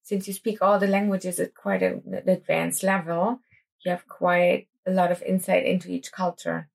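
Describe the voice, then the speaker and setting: A woman's voice: fairly low pitch, little pitch movement, moderate pace, vocal fry, a little mellow. A woman hosting an interview, asking probing questions and choosing her words carefully. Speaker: interviewer, podcast host. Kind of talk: casual interview conversation.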